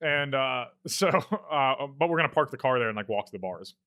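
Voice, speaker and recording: A man's voice: medium pitch, normal speed. A young man from Florida, a comedian telling a story in casual chat, acting out the voices of the people in it. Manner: animated, acts out quoted voices. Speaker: podcast guest, comedian.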